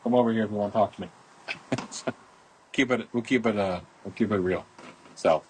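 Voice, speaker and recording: A man's voice: on the low side, moderate pace, breathy edge. A middle-aged man hosting a casual podcast, talking outdoors into a phone in a rambling, folksy promotional way. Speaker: podcast host, boat club owner.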